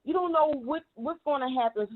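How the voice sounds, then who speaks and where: A woman with a high-pitched voice delivers casual commentary, emphatic and heated, repeating her points and cursing freely. She comes through a thin, tinny phone line. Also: a little fast. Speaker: guest commentator.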